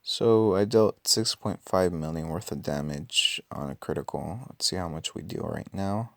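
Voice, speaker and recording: Raspy man, just out of bed, deep gravelly voice, dry close sound; casual game commentary, muttered calculations. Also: moderate pace, no room sound. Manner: thinks aloud with many ums and self-corrections. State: just woke up. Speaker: mobile game player.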